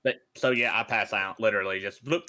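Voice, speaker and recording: Relaxed man playing a tabletop game. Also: fairly low pitch, brisk, a little hiss or hum. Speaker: player. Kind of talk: casual chat during an online game.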